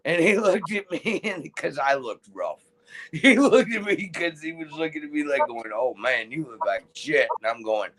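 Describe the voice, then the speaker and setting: Middle-aged guest for a live chat, gravelly pitch a touch high, swears a lot and rambles. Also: male voice, big pitch swings, normal speed, a bit bright, low-quality recording. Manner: profane, rambling storyteller who laughs often. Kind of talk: casual chat.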